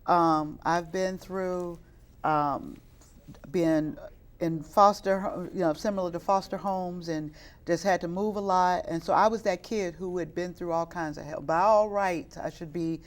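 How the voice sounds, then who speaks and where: A middle-aged youth minister from Chicago's west side tells her life story in an interview, her fairly low voice steady and unhurried. She speaks earnestly and rises into fervent, preaching-style passages as she gives her testimony.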